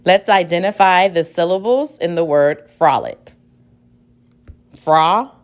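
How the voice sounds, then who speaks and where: A lowish-voiced woman teaches spelling by dictation, taking her time. She says each word again and spells it letter by letter.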